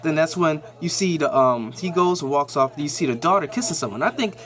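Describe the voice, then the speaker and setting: A man's voice: fairly high pitch, lively intonation, brisk, a bit bright. A man hosting a nerd news channel, giving a casual, slangy, rambling recap of a TV episode with lots of fillers.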